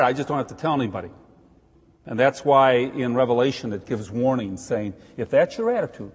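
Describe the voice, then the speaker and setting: Animated man teaching the Bible. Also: mid-range voice, slightly rough, big-room sound. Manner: conversational, jokey asides, rising emphatic stresses.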